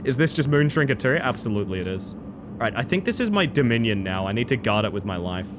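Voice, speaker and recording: A man, chatting excitedly as he streams a game live. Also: lowish voice, fast, noisy background. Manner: excitable, chatty, bursts into loud exclamations. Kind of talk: live gameplay commentary.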